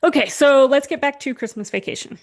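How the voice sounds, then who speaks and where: A woman's voice: sits high, a little fast. A woman hosting a podcast, telling stories in a casual chat full of fillers. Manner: storytelling with fillers and laughs. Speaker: podcast host.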